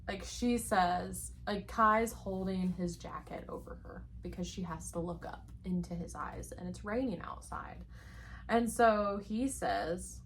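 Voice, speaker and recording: Woman gushing about a book, slow and rambly, lots of "like", lowish voice. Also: a little hiss or hum. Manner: gushing, rambling, full of "like" fillers. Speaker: book reviewer. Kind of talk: casual spoiler book review.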